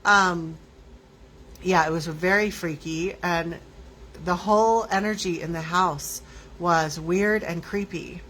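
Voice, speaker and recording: A woman hosts her own talk show and tells a personal story at an unhurried pace in a fairly low voice. She rambles and restarts her sentences often. A faint hiss sits under the recording. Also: fairly bright tone. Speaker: host. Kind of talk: casual storytelling monologue.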